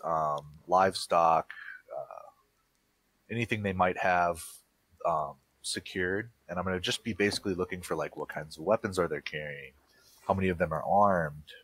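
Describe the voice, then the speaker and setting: A man with a very deep voice plays a tabletop game, talking through his character's actions casually and thinking aloud. The sound is dry and close, with little room around it. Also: fairly bright tone, no room sound. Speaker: player.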